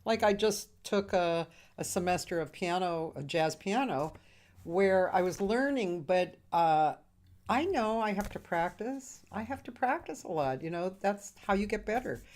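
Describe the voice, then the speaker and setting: A woman's voice: mid-range voice, lively intonation, unhurried, a little mellow. A woman hosting a casual interview show, talking about herself in a rambling, chatty way with frequent laughter. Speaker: host. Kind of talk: casual chat.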